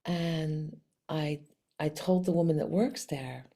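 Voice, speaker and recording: A woman telling a personal story to camera in a casual, animated way, with frequent restarts and laughs. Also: sits low, slow pace. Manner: animated, chatty, many restarts, laughs often. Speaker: vlog host.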